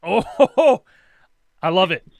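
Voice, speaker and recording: A man's voice: high-pitched, lively intonation, extremely slow, vocal fry, darkish tone. Enthusiastic man hosting a call-in show. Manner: enthusiastic, laughs easily. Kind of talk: casual call-in radio chat.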